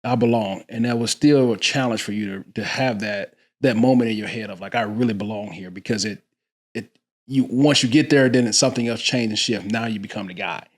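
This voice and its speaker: A man's voice: medium pitch, fairly quick. A man hosting a podcast, asking long, rambling questions full of restarts. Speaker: podcast host. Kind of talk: casual podcast interview.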